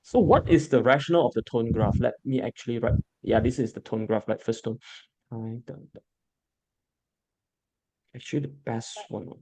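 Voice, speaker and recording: A man teaching a beginner language class, slowly repeating sounds for students to echo. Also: medium pitch, darkish tone, breathy edge. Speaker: Mandarin teacher. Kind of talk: classroom lesson.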